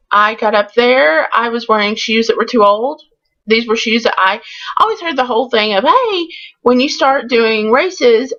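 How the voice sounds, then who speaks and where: A woman's voice: on the high side, gravelly, pushed and bright, dull audio. A woman telling a candid, chatty storytime in a casual vlog. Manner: chatty and candid, with many ums. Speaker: vlogger.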